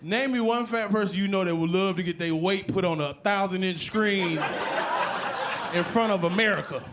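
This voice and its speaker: A man doing a stand-up comedy set, telling loose, profane stories and jumping into loud shouted voices. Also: high voice, normal speed. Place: comedy club stage before a laughing crowd. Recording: live show with loud crowd laughter and noise.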